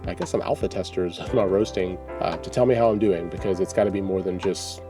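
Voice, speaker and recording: A man's voice: deep voice, fast talker, over music. A man from Texas talking casually in a vlog, easygoing and self-deprecating, reading product notes aloud as he shops. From Texas, USA. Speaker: home coffee roaster vlogger.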